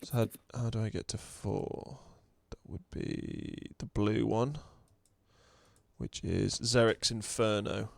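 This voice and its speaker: A man's voice: on the low side, takes it slowly, creaky, no echo. A man, chatting casually and swearing as he plays through a game. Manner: relaxed, mumbly, swears, often laughs. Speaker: gaming host. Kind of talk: casual let's-play chat.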